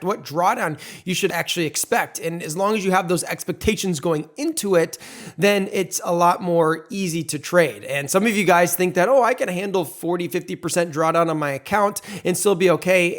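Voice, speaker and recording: A man's voice: high-pitched, fairly bright tone. A man explaining trading to camera in an emphatic, repetitive, salesy way. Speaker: trading educator.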